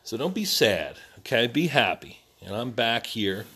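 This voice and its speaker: Man vlogger cooing at his puppy, sing-song, slow unhurried delivery, pitch leaping high and low. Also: sing-song, pushed and bright, breathy edge. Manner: doting, sing-song dog talk; commands the dog in short words. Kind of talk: casual vlog, talking to his new puppy.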